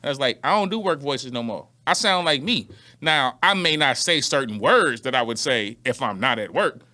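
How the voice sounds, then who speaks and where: A man co-hosting a casual podcast chat, animated, acting out quotes in different voices. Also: medium pitch, moderate pace. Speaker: podcast co-host.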